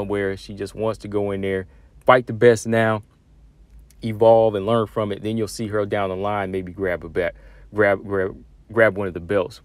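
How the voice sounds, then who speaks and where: A man's voice: on the low side, dry recording. A man hosting a solo fight-talk show, casual and conversational, full of asides and fillers. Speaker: MMA commentary host.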